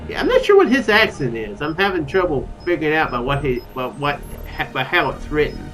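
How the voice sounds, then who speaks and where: A man playing through a story game and talking over it casually, pausing and musing as he goes. His voice is a touch high and swings widely in pitch. Soft game music sits underneath. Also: big pitch swings. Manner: casual, musing aloud, hesitant. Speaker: game player. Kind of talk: let's play commentary.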